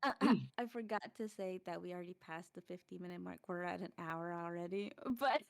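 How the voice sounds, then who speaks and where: A woman's voice: on the low side, a little fast, creaky. Giggly young woman co-hosting a podcast. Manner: giggly, chatty, quotes herself. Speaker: podcast co-host. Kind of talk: casual storytelling chat.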